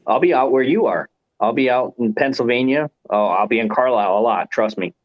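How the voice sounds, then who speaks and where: A man's voice: medium pitch, fairly quick, dry recording. A man, a trucker, chatting plainly and matter-of-factly with a group over a call. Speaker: trucker guest. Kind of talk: casual group chat. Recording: dull dry call audio.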